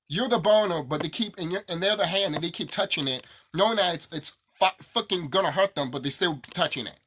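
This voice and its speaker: A man's voice: high-pitched, brisk, hardly any pauses, fairly bright tone, a little hiss or hum. A young man venting to his viewers in an angry, profane, repetitive rant. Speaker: vlogger. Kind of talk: ranting to camera.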